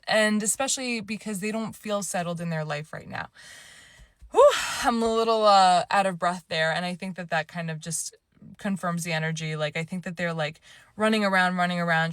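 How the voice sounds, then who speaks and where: A young adult woman giving a casual, rambling tarot reading, full of fillers and self-corrections, sometimes trailing into a hushed near-whisper while searching for words. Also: mid-range voice, no room sound, clean studio sound. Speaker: tarot reader. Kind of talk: casual intuitive reading to camera.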